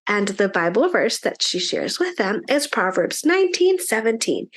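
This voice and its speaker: A woman telling a children's story at church in an animated, chatty way, with frequent fillers. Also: fairly high pitch, normal speed, few pauses.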